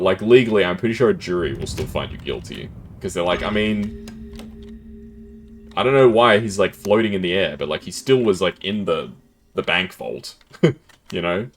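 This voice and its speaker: Low-voiced chatty male streamer. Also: animated, moderate pace, long pauses, slight background noise. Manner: chatty, laughs often, fillers like "like". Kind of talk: casual gameplay commentary.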